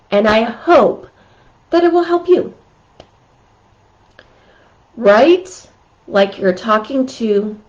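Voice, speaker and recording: In a casual talk offering communication tips, a woman host speaks in a high, slightly mellow voice. She's chatty, laughs often and keeps asking "right?", and the audio sounds dull.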